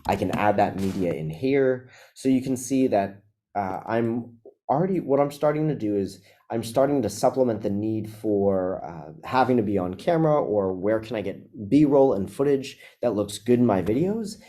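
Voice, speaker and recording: A man presenting a webinar, walking through a software demo in a relaxed, casual way with frequent ums and uhs. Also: fairly low pitch, moderate pace.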